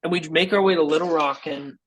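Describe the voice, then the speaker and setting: A man's voice: fairly high pitch, steady tone, fast talker, a little hiss or hum, low-quality recording. A man guest on a podcast telling a personal story in a casual, earnest way, often saying "dude" and "like.". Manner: acts out quoted people in his story. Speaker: guest musician.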